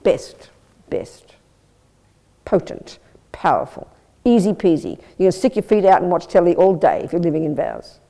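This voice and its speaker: A woman teaching as a Buddhist nun, giving a blunt, lively, conversational dharma talk and answering questions from her listeners. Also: fairly low pitch, moderate pace, long pauses. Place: Buddhist centre teaching room.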